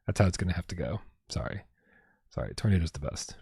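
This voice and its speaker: Guy streaming games from home, kinda husky low voice, dry close mic, rambles and restarts a lot. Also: animated, quick pace, dark tone, dry recording. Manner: rambling, reads out viewer tips, frequent restarts. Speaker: livestream host. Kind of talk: casual livestream chat.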